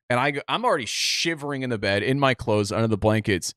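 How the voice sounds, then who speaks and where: A man's voice: lowish voice, quick pace, few pauses, fairly bright tone, dry recording, studio quality. A man co-hosting a podcast, telling a long story in casual chat, rambling with many restarts. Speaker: podcast co-host.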